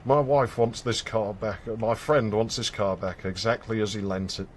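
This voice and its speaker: A man voicing an anxious father who pleads with his children in a soft, nervous way. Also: lowish voice, steady tone, normal speed, a little hiss or hum, voice pushed down, natural voice.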